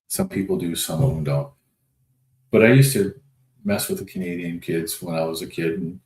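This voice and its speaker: Low voiced guy rambling on a livestream, laid back folksy talk, echoey room. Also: fairly even intonation, normal speed, a little mellow. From North Dakota. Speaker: livestream host. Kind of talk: casual livestream chat reading comments. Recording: echoey room with faint noise.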